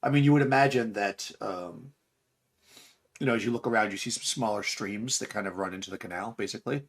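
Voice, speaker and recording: A man's voice: lowish voice, brisk, slightly rough. A man narrating as game master for a tabletop game, rambling with fillers and restarts.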